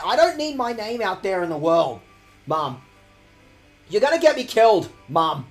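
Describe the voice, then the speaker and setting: A man streaming a video game, ranting at the characters with sarcastic, profane commentary. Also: high-pitched. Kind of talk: let's-play commentary.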